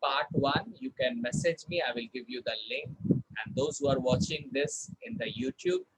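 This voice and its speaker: A man's voice: medium pitch, big pitch swings, moderate pace, gravelly, breathy edge, rough recording. A man teaching vocabulary in an online class, repeating words to drill their pronunciation and switching into Hindi to explain. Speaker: spoken English teacher.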